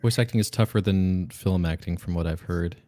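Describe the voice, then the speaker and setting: A man's voice: low voice, a little fast, mellow. A man co-hosting a live Q&A, reading out fan questions in a casual, easygoing way. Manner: chatty, easygoing, relays chat questions. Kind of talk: casual live-stream Q&A chat.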